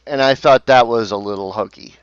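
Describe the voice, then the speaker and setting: A man's voice: medium pitch, brisk, clean tone, no room sound. A man in casual podcast chat, picking apart movie theories with frequent restarts and self-corrections. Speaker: podcast co-host. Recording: dry, muffled lo-fi audio.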